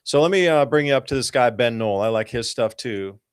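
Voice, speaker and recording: A man's voice: medium pitch, expressive, a little fast, clear, resonant tone. Urgent man talking weather. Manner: emphatic and urgent, loose and rambling with restarts. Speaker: podcast host. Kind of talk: live-show commentary over weather charts.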